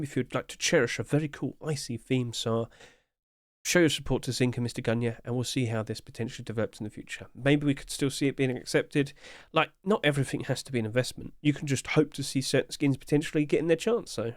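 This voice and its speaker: A man's voice: medium pitch, no echo, studio quality. A man giving casual, upbeat commentary as he reviews game skins, chatting along with light chuckles.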